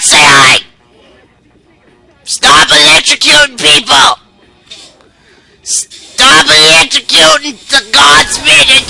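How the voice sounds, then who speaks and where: Doing a full character voice over gameplay, this gamer pitches his voice extremely high and sharp, playing a giddy older male comedian. The voice is gravelly and broken by coughing fits as he rambles, curses and scat-sings nonsense. The recording is rough.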